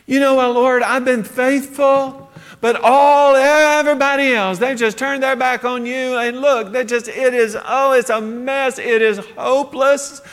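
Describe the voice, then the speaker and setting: A man's voice: high voice, very animated, slow, a bit bright, pitched above the performer's own voice, exaggerated voice. A man acting out a self-pitying, despairing adult prophet, pleading in exasperated outbursts, in an echoey hall.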